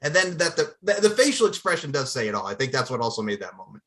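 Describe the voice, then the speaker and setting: A man's voice: medium pitch, big pitch swings, fast, a bit bright. A man, hosting a casual interview and eagerly retelling moments. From Long Island, New York. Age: 20s. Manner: enthusiastic, acts out quoted promos. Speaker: podcast host.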